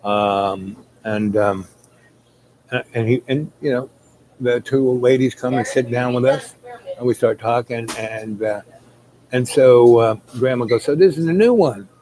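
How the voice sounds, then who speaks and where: A man's voice: mid-range voice, little pitch movement, unhurried, darkish tone, poor audio. A man telling a long rambling story, full of fillers, who acts out the people he quotes. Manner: meandering, many fillers, acts out quoted voices.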